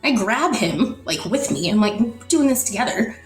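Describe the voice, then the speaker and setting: A woman from the Netherlands, a podcast guest, telling a personal story in an animated way and acting out the dialogue. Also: fairly high pitch, normal speed. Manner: animated, acts out dialogue in quotes. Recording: roomy echo, faint music.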